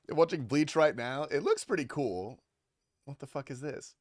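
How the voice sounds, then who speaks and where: A man's voice: a little high, no room sound, clean studio sound. A man streaming a game, chatting casually with his viewers in a crude, offhand way and swearing freely. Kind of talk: casual livestream chat.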